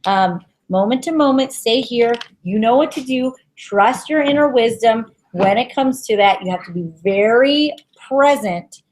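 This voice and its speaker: A woman giving an intuitive tarot reading on a web show, soft and halting, with many fillers. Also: fairly high pitch, expressive. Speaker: tarot reader.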